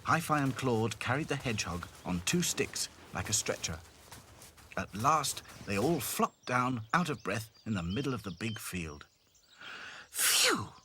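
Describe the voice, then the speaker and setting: A man narrating a children's cartoon storybook with expressive, lively storytelling. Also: medium pitch, moderate pace, a little hiss or hum.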